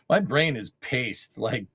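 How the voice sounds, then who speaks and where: A man co-hosting a casual space podcast, chatting in a loose, joking manner. His voice sits at an ordinary middle pitch. He rambles through his points with lively energy. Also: very slow, slightly rough. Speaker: show co-host.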